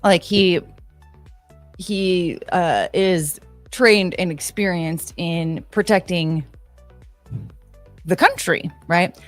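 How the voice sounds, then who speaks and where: A woman hosting a casual livestream from home, reading the chat aloud in a rambling, excitable way that trails off and restarts. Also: on the low side, extremely slow, pauses often, no room sound, faint music behind. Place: home, near her kitchen.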